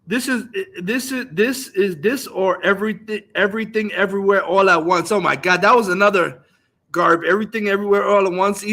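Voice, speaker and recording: A man's voice: high voice, sharp tone. A man hosting a live stream, ranting angrily and with lots of swearing while he reacts to a film review. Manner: angry, profane, ranting.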